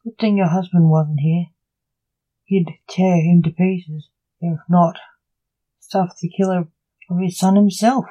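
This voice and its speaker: A reader voicing a stern old male necromancer, a grandfather, in slow, measured storybook speech. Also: medium pitch, steady tone, warm tone, dull audio. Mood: grim.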